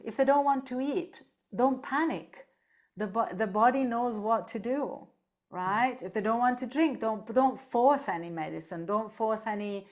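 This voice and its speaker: A woman speaking as a podcast guest on animal end-of-life care, telling lively stories, laughing easily and often checking in with "right?". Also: medium pitch. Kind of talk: casual interview chat.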